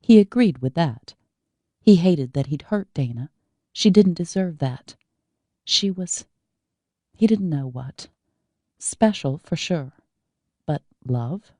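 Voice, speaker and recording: Slow, low-voiced woman narrating an audiobook. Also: no room sound. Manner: even, measured storytelling.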